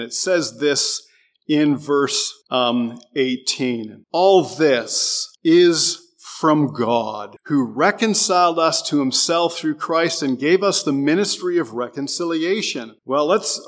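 A man preaching a sermon. He asks his listeners questions and reads scripture aloud with deliberate emphasis. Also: on the high side.

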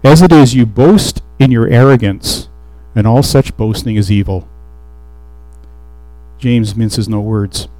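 A man's voice: mid-range voice, slow, mellow, no echo, low-quality recording. A man preaching a sermon, reading scripture aloud and explaining it in a conversational way with restarts and fillers.

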